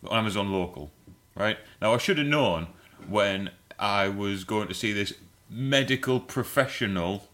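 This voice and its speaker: A man with a low, bright and forceful voice, spinning a rambling comic story in casual podcast chat. He swears freely and laughs as he goes. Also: a little slow, hardly any pauses. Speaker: podcast co-host.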